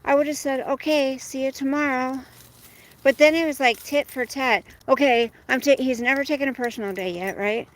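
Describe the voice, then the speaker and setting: A woman's voice: high-pitched, steady tone, moderate pace, rough recording. A woman chatting casually while walking her dog, venting about work and breaking off to coax the dog along. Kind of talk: casual chat. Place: outdoors on a street.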